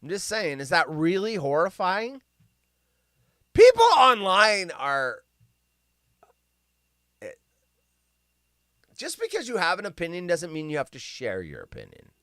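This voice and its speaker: Man, live stream host, sarcastic rambling rants, high bright voice, dry close sound. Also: huge pitch swings, a little slow, long pauses, no echo. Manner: rambling, sarcastic, goes off on tangents. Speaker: livestream host. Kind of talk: live commentary on news stories.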